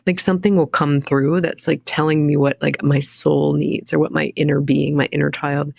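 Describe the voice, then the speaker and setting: A woman's voice: sits low, flat delivery, moderate pace, vocal fry, a little mellow, husky, no room sound, clean studio sound. A woman in her forties, a recovery coach and podcast guest, speaking earnestly and reflectively in a candid interview. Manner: earnest, reflective, quotes her own inner voice.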